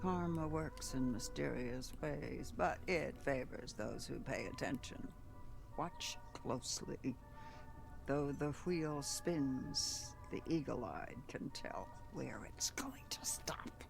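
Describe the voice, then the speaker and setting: A woman voicing a cryptic older female tarot-reading fortune teller in a video game, speaking slowly and theatrically. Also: very deep voice, lively intonation, creaky, whispered, heavily acted. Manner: slow, theatrical and ominous. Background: game music.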